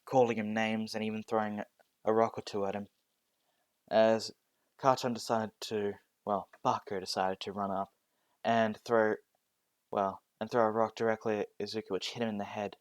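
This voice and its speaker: A man's voice: on the low side, level tone, moderate pace, smooth, dry recording. A man narrating a fan story casually, hesitant, often restarting with fillers.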